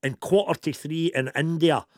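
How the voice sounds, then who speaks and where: A man's voice: fairly high pitch, normal speed, dry recording, clean studio sound. A Scottish man hosting a casual chat and putting questions to his guests. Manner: chatty questioning interviewer. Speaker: host.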